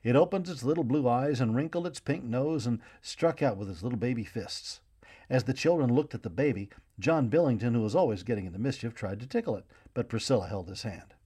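A man reads a children's storybook aloud, his mid-pitched voice rising and falling with lively expression. The pacing is gentle and unhurried, suited to a young audience. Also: husky. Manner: expressive, gently paced reading.

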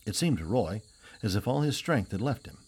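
A man reads a novel aloud in a steady, even storytelling manner, with a fairly low voice. It is plain scripted audiobook narration. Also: brisk, husky.

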